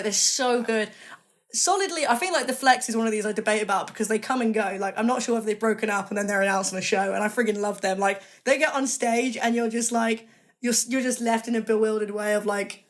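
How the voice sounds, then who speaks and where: A woman, a magazine editor guest, chatting casually and enthusiastically, rambling and correcting herself as she goes. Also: on the high side. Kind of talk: casual interview chat.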